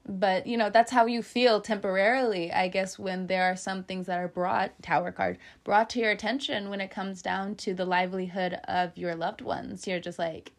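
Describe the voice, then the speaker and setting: A woman's voice: medium pitch, fairly even intonation, moderate pace, vocal fry, few pauses. A woman giving a casual tarot reading, chatty and playful, laughing often and swearing now and then. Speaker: tarot reader.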